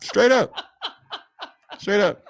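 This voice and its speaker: A man from Pittsburgh co-hosting a podcast, animated and opinionated, slipping into mimicked voices. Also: sits high, drawn-out words, gravelly. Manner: animated, acts out quoted voices while ranting. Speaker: podcast co-host. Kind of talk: casual opinion chat.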